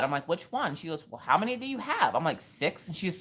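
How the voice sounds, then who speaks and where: A young woman hosting a craft livestream, telling a story to her viewers in an animated way and acting out the quotes with Southern slang. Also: on the low side, fast, hardly any pauses, husky.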